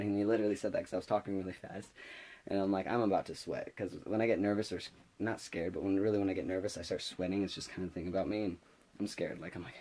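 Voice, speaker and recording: A teenage guy with a slightly low voice spins a casual storytime for his vlog. He rambles, backtracks and acts out his own nervous panic with plenty of excitement. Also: fast talker. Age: late teens. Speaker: vlogger.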